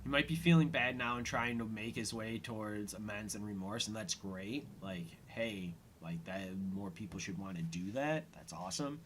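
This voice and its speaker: A man's voice: lowish voice, normal speed, few pauses, fairly bright tone, a little hiss or hum. A man hosting a casual commentary podcast, retelling an episode with lots of fillers and quoted lines. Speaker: podcast host.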